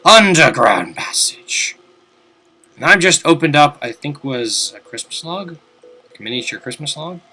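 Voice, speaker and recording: Bright-voiced young man rambling over gameplay. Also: a little high, expressive, normal speed, slightly rough. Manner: rambling, swears casually, loud outbursts at the game. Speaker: let's play commentator. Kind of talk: casual gameplay commentary. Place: home room at his desk.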